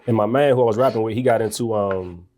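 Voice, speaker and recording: A man's voice: on the low side, quick pace, warm tone. Laid-back man telling stories. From Washington, D.C. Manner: laid-back, talks in long rambling stories. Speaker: guest, author and musician. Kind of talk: casual interview storytelling.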